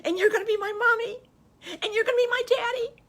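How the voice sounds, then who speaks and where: A woman's voice: very high voice, fairly even intonation, quick pace, a bit bright, voice pushed up. An older woman voicing an eager little boy wolf pup who squeals and begs over and over. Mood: overjoyed begging. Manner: squealing, repeats begging words.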